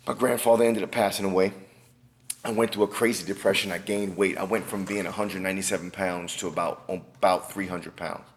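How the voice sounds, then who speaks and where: A man's voice: sits low, steady tone, a little fast. A middle-aged man, a personal trainer guest, telling a personal story in a casual interview and acting out the dialogue vividly.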